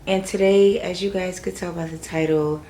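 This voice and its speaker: A woman's voice: lowish voice, steady tone, normal speed, warm tone. A young woman talking casually to camera in a vlog, emotional and hesitant, holding back tears. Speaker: vlogger. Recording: echoey room with faint background noise.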